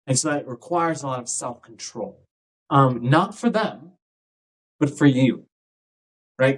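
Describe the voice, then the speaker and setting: A male dance instructor talks casually in a podcast monologue, often checking in with listeners by asking "right?" and acting out quoted people in lively voices. His voice is mid-range, and the recording is low quality.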